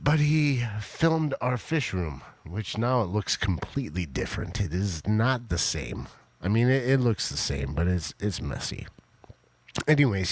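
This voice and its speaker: A man hosting a casual live stream from his home fish room, rambling to his chat with fillers and restarts in a flat, monotone voice. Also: on the low side, no echo.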